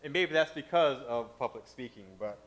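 A man's voice: mid-range voice, lively intonation, moderate pace. A man giving a sermon in a conversational way, with frequent "you know" fillers. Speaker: preacher.

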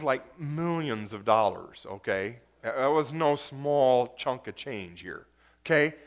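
A man's voice: on the high side, a bit bright. A man preaching a sermon to a congregation, reading scripture aloud and breaking off to explain it in a conversational way, often asking the audience questions.

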